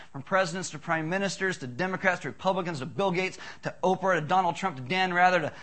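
A male pastor delivering a sermon with a somewhat high voice. He tells stories with animation, rising to loud bursts and dropping to hushed, close tones.

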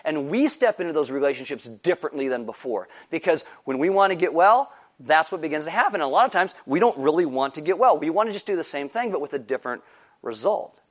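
A man with a notably high speaking voice preaches to his congregation. He delivers the sermon with energy and acts out the people in the story with voices. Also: fast. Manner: animated, acts out scenes with voices. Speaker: pastor.

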